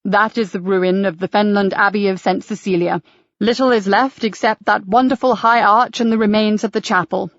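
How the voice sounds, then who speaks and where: A woman's voice: mid-range voice, steady tone, fairly quick, no echo, natural voice. A woman voicing a fussy, theatrical male church tour guide who announces things grandly. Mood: grand, courteous. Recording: dry, slightly dull audiobook recording.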